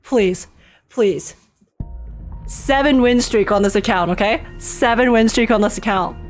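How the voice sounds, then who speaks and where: A woman streaming live, reacting excitedly to game pulls and chatting with viewers. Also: a little high, a little slow, soft background music.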